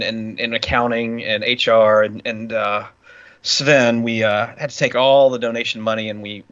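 A man co-hosting a podcast in casual chat, with a joking, deadpan delivery. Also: lowish voice, no echo, muffled recording. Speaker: podcast co-host.

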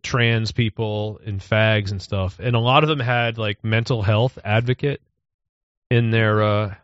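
A man's voice: fairly low pitch, fairly even intonation, unhurried, a bit bright, no echo, dull audio. A man on a podcast talking in a mocking, sardonic way and mimicking people he scorns. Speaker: podcast co-host. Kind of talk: casual chat.

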